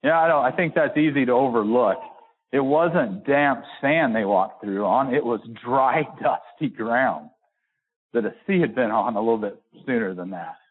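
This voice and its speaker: A man preaching a sermon and reading scripture, folksy and full of restarts, rising to high emphatic peaks and slowing down hard to stress key words. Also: husky. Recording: narrow phone-like sound.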